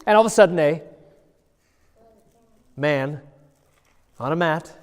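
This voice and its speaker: A male pastor telling a Bible story to children in a playful, animated way, asking the kids questions and acting out voices. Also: a little high, takes it slowly, clear, resonant tone. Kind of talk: lively children's sermon with audience participation. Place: large church hall. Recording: long church hall reverb.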